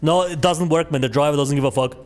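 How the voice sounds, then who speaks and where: A man's voice: a little high, fast talker, darkish tone. A young adult man streaming a horror game, telling a rambling, profane anecdote with lots of fillers and laughter. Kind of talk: casual gaming stream storytelling.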